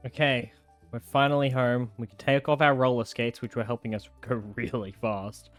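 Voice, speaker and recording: A young man talks his way through a video game as he plays, muttering plans and breaking into sudden excited yelps. His voice sits at an ordinary middle pitch. Soft game music plays quietly underneath. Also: moderate pace. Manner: chatty, talks to himself, jumpy excited outbursts. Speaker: gaming content creator. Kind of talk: live let's-play commentary.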